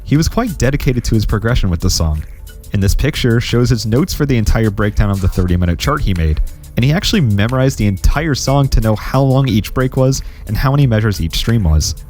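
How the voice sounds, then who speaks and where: A man narrating a scripted gaming history video in a steady, explanatory way. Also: medium pitch, a little fast, soft background music.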